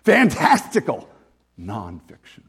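Animated husky-voiced preacher. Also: male voice, mid-range voice, slow pace. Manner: animated, emphatic, self-interrupting, joking asides. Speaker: pastor. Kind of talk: sermon.

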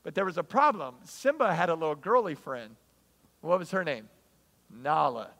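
High-voiced animated man preaching. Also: normal speed, gravelly. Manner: animated, storytelling, emphatic. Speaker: pastor. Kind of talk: sermon.

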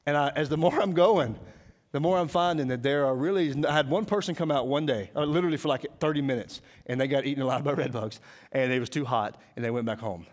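A man preaching to a school, telling folksy stories, acting out voices and dropping to a hushed, intense tone. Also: fairly high pitch, fast. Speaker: school chapel speaker. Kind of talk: sermon.

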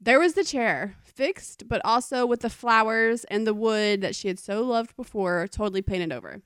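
A woman's voice: on the high side, animated, moderate pace, fairly bright tone, clean tone, no echo. A woman co-hosting a casual podcast, recounting a listener story with wry, dry comments. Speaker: podcast co-host.

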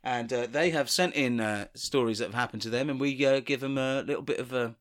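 A man from London co-hosting a comedy podcast, deadpan and mock laid-back, with pedantic asides. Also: mid-range voice, a little fast. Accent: London English. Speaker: podcast co-host. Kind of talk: casual comedy podcast chat.

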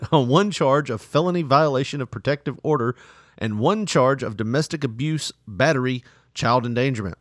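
A man's voice: mid-range voice, moderate pace, dry recording, studio quality. A man co-hosting a casual podcast, reading a news story aloud, laughing often and swearing casually. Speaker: podcast co-host.

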